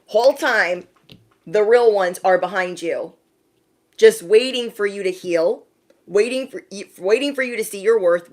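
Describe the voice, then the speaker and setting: A woman giving a spiritual tarot reading to camera, chatty, calling the listener bestie and slipping into exaggerated voices for people she quotes. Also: mid-range voice. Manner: chatty, calls the viewer bestie. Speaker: tarot card reader.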